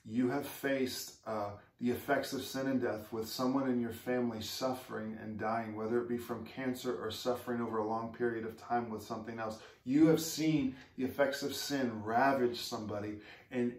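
A male pastor delivers an earnest, conversational sermon, often asking his congregation questions. His voice is neither high nor low. It rings through a roomy, echoing space and sounds as if it comes from some way off the microphone. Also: a little mellow. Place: church sanctuary. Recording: echoey room, mic far off.

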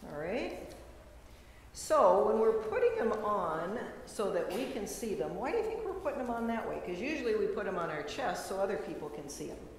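A woman pastor giving a children's message in church, telling a story lively and acting out the voices, with a handheld microphone. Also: medium pitch, normal speed, a little hiss or hum. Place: church sanctuary. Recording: long church reverb.

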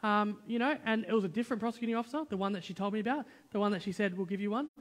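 A male pastor preaching a sermon, telling a personal story in a lively, conversational way with quoted dialogue. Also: high voice, racing. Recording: long church hall reverb.

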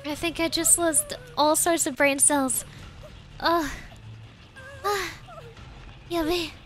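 A woman's voice: high voice, fairly even intonation, slow pace, faint music behind. A woman streaming a game, commenting dramatically and ranting at opponents, slipping Japanese words in and talking about herself in the third person. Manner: dramatic, frustrated rants at the game. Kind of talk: live gameplay commentary.

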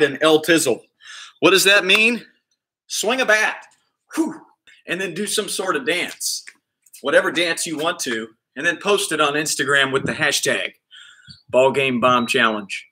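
A man's voice: fairly high pitch, husky. A man leading a live online kids' PE class, cheering kids on and counting reps with playful energy. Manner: shouts with excitement during exercises. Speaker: kids PE coach.

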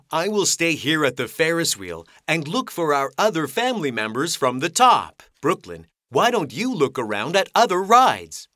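A woman voicing a kind, gentle father shark in a cartoon, talking in a reassuring, animated way. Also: low-pitched, a little slow, dry recording, exaggerated voice. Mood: caring. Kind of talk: cartoon voice acting. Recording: dry studio sound.

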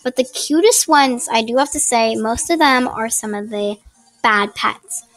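Unhurried and slightly high, with a fairly bright tone, a gaming channel host chats through a casual gameplay tutorial, rambling and adding apologetic asides. She records at a home desk with a ring light using her laptop's built-in microphone.

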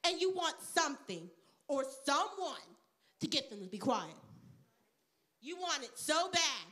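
High, bright woman teaching a kids' lesson. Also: very animated, measured pace. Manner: playful, dryly sarcastic asides, asks kids questions. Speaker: children's church teacher. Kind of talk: interactive Bible lesson for children. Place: church.

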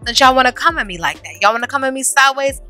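A woman putting on a furious brawler woman, pitched up higher than her usual voice and bright, hurling loud slangy challenges at the whole house. She sounds ready to fight everyone at once. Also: animated, rapid-fire, soft background music.

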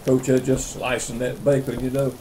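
A man's voice: mid-range voice, little pitch movement, normal speed, mellow, slight background noise, poor audio. Older South Carolina man in his 70s; rambling, folksy campfire storyteller. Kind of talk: casual storytelling.

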